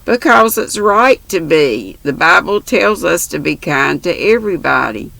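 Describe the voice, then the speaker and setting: A woman doing a gentle earnest young girl. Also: on the low side, very animated, measured pace, vocal fry, no room sound, heavily acted. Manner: earnest, soothing. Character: gentle, kind young minister's daughter.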